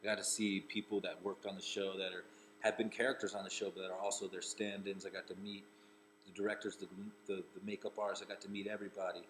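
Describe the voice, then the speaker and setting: A man's voice: deep voice, little pitch movement, fast talker, fairly bright tone, slight background noise, low-quality recording. A man from Rhode Island who works as a comedian and actor, telling a personal story casually with many restarts.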